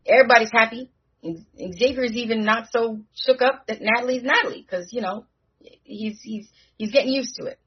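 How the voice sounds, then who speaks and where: A woman hosting a casual podcast recap, talking in an animated, slangy way with frequent restarts. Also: medium pitch, normal speed, slightly rough, highs cut off. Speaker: podcast host recapping a TV episode.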